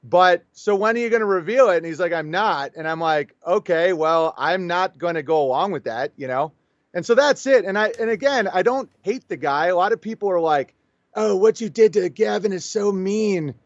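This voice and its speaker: High-ish guy guesting on a show, telling stories all animated, dry dull-sounding audio. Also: normal speed, no room sound. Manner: animated, storytelling with quoted back-and-forth. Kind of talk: casual conversational interview.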